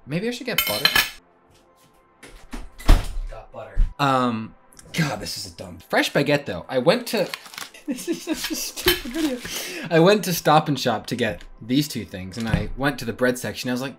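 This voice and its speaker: A man's voice: mid-range voice, sing-song, moderate pace. Young guy rambling at the camera, kinda self-deprecating, voice bouncing all over, bit of music in the back. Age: young adult. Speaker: vlogger. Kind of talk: casual rambling vlog.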